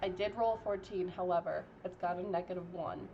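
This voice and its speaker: A woman's voice: lowish voice, steady tone, brisk, highs cut off, slight background noise. A woman running a tabletop game as game master, narrating the action and encouraging her players. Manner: encouraging, laughs often.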